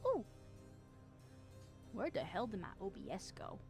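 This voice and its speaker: A woman in her twenties chatting casually on a live stream, reading chat aloud, giggling often and getting excited. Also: medium pitch, unhurried, faint music behind. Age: 20s.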